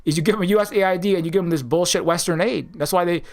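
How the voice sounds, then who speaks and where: Man, fairly high voice, rambling heated political monologue, frequent restarts, mocking impressions. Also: racing, a little mellow. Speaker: political commentator, channel host.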